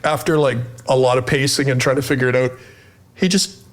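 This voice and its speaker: A man's voice: medium pitch, a little fast. Laid-back joking male podcast co-host. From Canada. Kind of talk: casual chat.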